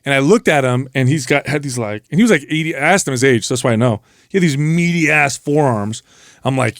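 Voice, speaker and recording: A man's voice: medium pitch, quick pace, dry recording, clean studio sound. A man hosting a fitness podcast, chatting casually and telling stories with energy. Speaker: podcast host. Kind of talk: casual chat. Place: podcast studio.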